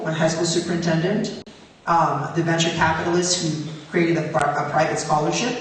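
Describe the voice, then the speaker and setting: A man speaking onstage at a public event, earnest and animated, his voice rising on questions. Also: fairly high pitch, slight background noise. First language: Tagalog. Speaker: guest speaker. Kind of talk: onstage conversation. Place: high school auditorium. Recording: echoey hall from far off.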